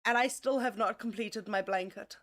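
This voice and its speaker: A woman's voice: medium pitch, moderate pace, fairly bright tone. A woman chatting casually on a livestream, rambling, laughing often and swearing freely. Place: home, at a desk.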